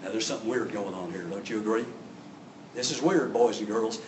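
Brisk and on the low side, this male preacher gives a dramatic sermon, voicing the characters as he tells the story. Background noise is present, and the echoey room is recorded from afar.

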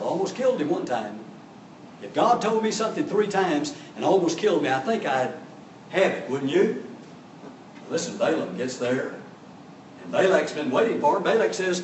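A man's voice: a little high, very animated, moderate pace, slight background noise. A man preaching a sermon, telling the story with drama and acting out voices. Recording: echoey room from a distance.

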